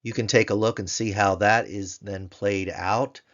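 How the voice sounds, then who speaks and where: Low-voiced man teaching a grammar lesson. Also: fairly even intonation, fairly bright tone, muffled recording. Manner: patient, spells words out slowly and repeats them.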